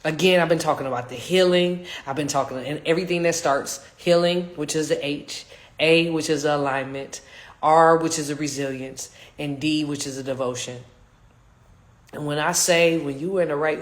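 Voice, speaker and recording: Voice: medium pitch, normal speed. Earnest, rambling livestream coach. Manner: earnest, rambling, heartfelt and open; loose casual slang, many fillers and restarts. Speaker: fitness and life coach. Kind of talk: casual livestream vlog.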